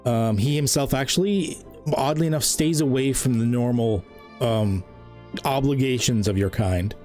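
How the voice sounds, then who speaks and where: A man's voice: medium pitch, moderate pace, a little mellow, soft background music. A man from Canada narrating a tabletop game as game master, in loose, filler-heavy speech.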